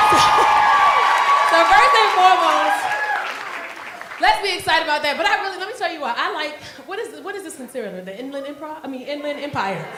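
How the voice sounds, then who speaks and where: A middle-aged woman doing a loud, brash, profane stand-up set on a comedy club stage, acting out characters in quick voices, with the audience laughing behind her. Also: high-pitched, heavy background noise. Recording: live club recording with faint crowd.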